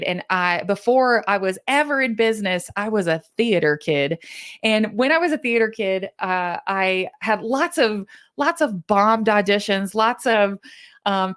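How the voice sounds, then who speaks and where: A woman's voice: mid-range voice, a bit bright. A woman from Kansas hosting a motivational podcast, telling stories in an earnest, encouraging way with frequent restarts. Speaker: podcast host and business coach.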